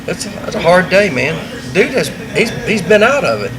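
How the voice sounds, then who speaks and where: A man's voice: high voice, very animated, moderate pace. A man in easygoing, casual podcast chat. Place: cigar lounge. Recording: noisy room ambience.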